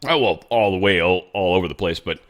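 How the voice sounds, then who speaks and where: A man's voice: low voice, fast. Sarcastic man rambling over headlines. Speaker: show host. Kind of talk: casual news commentary.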